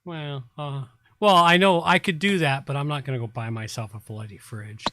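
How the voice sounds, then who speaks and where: A man's voice: a little high, normal speed, noisy background. Middle-aged man, livestream host, tipsy, profane, blunt, easygoing home chat. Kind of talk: casual late-night chat. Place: home apartment.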